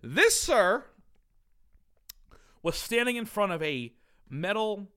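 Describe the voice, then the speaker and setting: A man's voice: high voice, big pitch swings, slow pace, bright, forceful tone. A young man co-hosting a podcast, telling a comic story in a profane, exasperated rant. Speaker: podcast co-host. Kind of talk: casual comedic storytelling.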